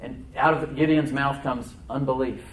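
Man preaching an animated sermon. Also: mid-range voice. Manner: animated preaching, slows for emphasis, acts out quoted voices and laughs. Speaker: pastor. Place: church.

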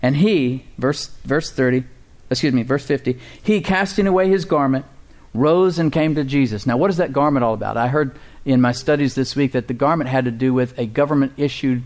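A male pastor preaching an emphatic sermon to his congregation, with a mid-pitched voice. He keeps asking the room questions, his voice climbing for dramatic quotes and sinking quiet for reflective moments. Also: brisk. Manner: emphatic, rises high for quoted cries and drops low and soft for stillness.

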